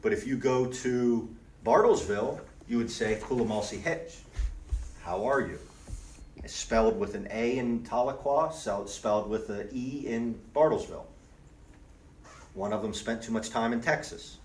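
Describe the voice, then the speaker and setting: A man teaching a language class in a relaxed way, often checking in with the students by asking "okay?". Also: medium pitch, normal speed. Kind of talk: classroom lesson. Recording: roomy, distant audio with faint background ambience.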